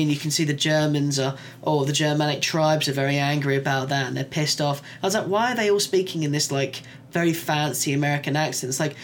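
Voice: medium pitch, fast, few pauses. Enthusiastic co-host, casual chat. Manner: enthusiastic, swears casually, many fillers. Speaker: podcast co-host. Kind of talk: casual chat reviewing shows.

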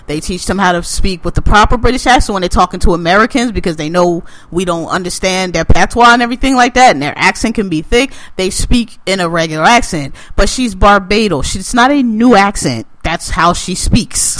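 High bright-voiced man, ranting. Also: dry recording. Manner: animated, profane, ranting. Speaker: podcast co-host. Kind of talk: casual podcast chat.

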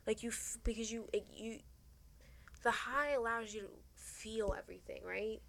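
A woman's voice: a little high, steady tone, normal speed, gravelly, a bit bright. A young woman hosting a podcast, giving frank, earnest advice in casual chat and swearing freely. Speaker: podcast host.

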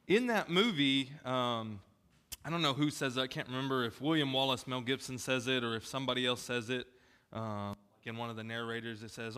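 A man's voice: mid-range voice, sharp tone, clear, resonant tone. A man preaching a casual, conversational sermon full of movie references and self-deprecating asides. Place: church gym.

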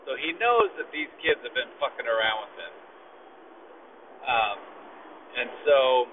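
A man's voice: mid-range voice, animated, measured pace, pauses often. A man casually telling a long story, rambling and complaining with plenty of profanity. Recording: phone-like lo-fi with faint noise.

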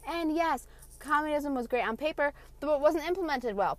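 A woman's voice: high-pitched, animated, moderate pace. A young woman hosting her own podcast, delivering a passionate, sarcastic, profanity-laced rant. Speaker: podcast host. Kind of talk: ranting monologue.

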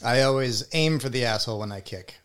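A man appearing as a guest on a casual podcast, making crude deadpan jokes. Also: medium pitch, a little fast, clean tone.

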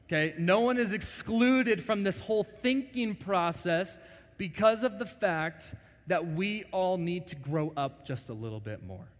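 A young man in his twenties gives a loose, conversational sermon, joking with the congregation and slipping into quick imitations of the people he describes. His voice sits a touch higher than most men's. The sound is carried through a big church hall with a long reverb. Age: 20s. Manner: animated, jokey, acts out quoted voices. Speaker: pastor.

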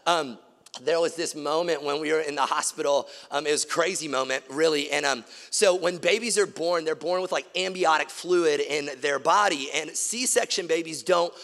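A man's voice: a little high, normal speed, fairly bright tone. A man in his thirties preaching a sermon, casual and emphatic, telling stories as a pastor. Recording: long reverb of a large hall.

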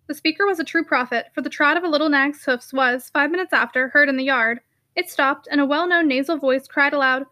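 A woman reading a classic novel aloud in a clear, measured storytelling manner. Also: high voice, bright, forceful tone, no echo. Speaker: audiobook reader.

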